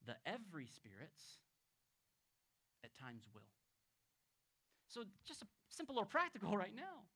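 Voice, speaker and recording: A man who is a pastor, preaching a conversational expository sermon to a congregation, moving between emphatic raised points and soft, hushed passages. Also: high-pitched, wildly swooping pitch, a little slow, husky. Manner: storytelling, acting out quoted people.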